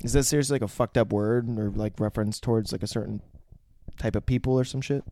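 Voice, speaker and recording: A man's voice: on the low side, steady tone, fast talker, mellow, a little hiss or hum. A man co-hosting a podcast, recapping a film in casual, crude, joking chat and acting out lines. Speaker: podcast co-host.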